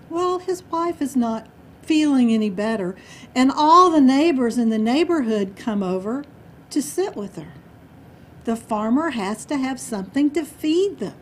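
A woman giving a storytelling speech at a club meeting, dramatic and expressive, dropping to hushed asides. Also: a little high, a little hiss or hum. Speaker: Toastmasters speaker. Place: meeting room.

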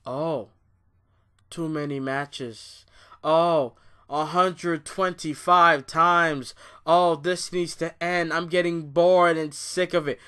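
A young man ranting in a show review, profane and exasperated, jumping from loud outbursts to low, bitter muttering. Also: fairly even intonation, slow pace, clear, resonant tone.

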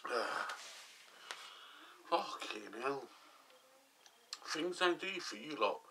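A man's voice: mid-range voice, expressive, very slow, pauses often. A man doing a weekly rant vlog, grumbling and swearing nearly every line. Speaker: vlogger. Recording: distant mic, noisy background.

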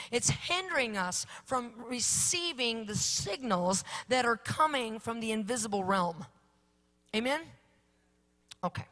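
Bright-voiced woman preaching emphatically. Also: fairly high pitch. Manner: emphatic, repetitive preaching cadence. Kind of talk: sermon.

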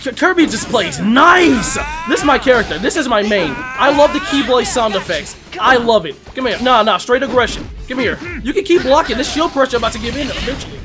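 A man with a high, lively voice rattles off slang-filled commentary while he plays a fighting game. He jumps from loud outbursts to laughter, his pitch swinging constantly. Bouncy game music plays loudly behind him. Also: fairly quick, few pauses. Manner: excitable, shouting and laughing, heavy slang. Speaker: gaming YouTuber. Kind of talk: excited gameplay commentary.

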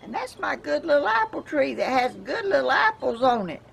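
A woman's voice: sits high, big pitch swings, normal speed, gravelly, fairly bright tone. An older woman from Georgia with a Southern accent, chatting casually and rambling in a folksy way outdoors in her yard. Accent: Southern American. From Georgia, USA. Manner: rambling, folksy, chuckling asides. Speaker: vlogger. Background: wind chimes and outdoor ambience.

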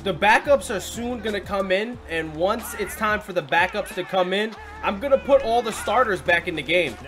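A young man commentating his football video game play, excitable and frequently swearing and yelling at the players. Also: high-pitched, moderate pace, over music. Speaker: gaming commentator.

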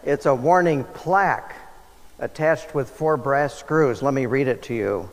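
A man's voice: medium pitch, measured pace. A man preaching a sermon in a church, conversational and self-deprecating with light humor. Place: church sanctuary. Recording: long church reverb.

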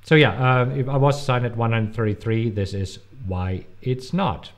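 Man, German accent, live-stream host, mid-pitched voice, emphatic, lots of fillers. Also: moderate pace. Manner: animated, emphatic warnings, many fillers.

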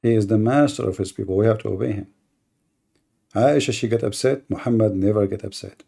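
A man's voice: lowish voice, fairly quick, vocal fry, warm tone, husky. A man hosting a live-streamed debate, talking in a mocking, provocative way and challenging his listeners. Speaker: debate livestream host. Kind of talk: combative live-stream monologue.

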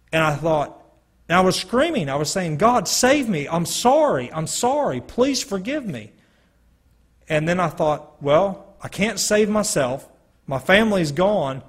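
Husky, earnest man giving a testimony. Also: a little high. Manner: slow, earnest storytelling with dramatic pauses. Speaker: speaker giving a personal testimony. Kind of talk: spoken testimony to a live audience.

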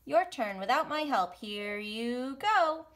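A woman teaching a music lesson to young children online, speaking slowly and encouragingly with sing-song rhythm drills. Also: high-pitched, animated. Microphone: home recording for an online class.

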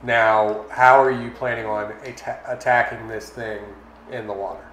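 A man's voice: medium pitch, level tone, moderate pace, fairly bright tone. A man running a tabletop game as game master, narrating scenes vividly with the odd filler. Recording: echoey room, faint noise.

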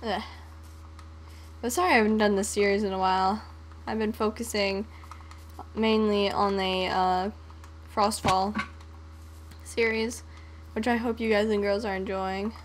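Young female gaming host, relaxed unhurried delivery, bubbly and prone to humming. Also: mid-range voice, slight background noise. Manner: playful, sings and hums to herself. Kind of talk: casual gameplay commentary.

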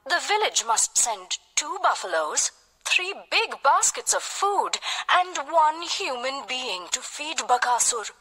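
A woman's voice: high voice, very animated, takes it slowly, pushed and bright, pitched above the performer's own voice, heavily acted. A woman voicing a frightened village mother in a storybook, speaking anxiously. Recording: long hall reverb.

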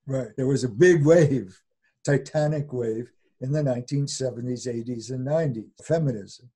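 A man's voice: medium pitch, moderate pace, warm tone, slightly rough. An older man, a scholar guest in an interview, retelling old folk tales with frequent chuckles and small voiced-out lines. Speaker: fairy tale scholar guest. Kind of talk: animated storytelling in interview.

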